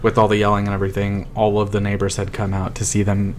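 A man co-hosting a casual podcast, telling news stories in a relaxed way and laughing often. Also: fairly low pitch, fast, noisy background. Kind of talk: casual chat.

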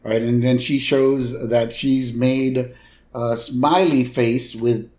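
A man's voice: medium pitch, steady tone, takes it slowly, darkish tone. A man co-hosting a podcast, casually recapping a cartoon episode with many short agreeing replies. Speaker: podcast co-host.

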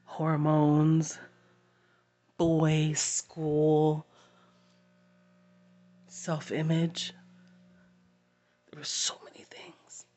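A woman sharing a personal story to camera, halting and heartfelt, with long pauses. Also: low-pitched, monotone, dark tone, slight background noise.

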